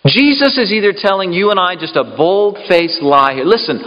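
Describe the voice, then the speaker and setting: A man's voice: high-pitched, expressive, moderate pace, lo-fi sound. A man preaching a sermon, emphatic and asking the congregation questions. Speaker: pastor. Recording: long reverb in a hall.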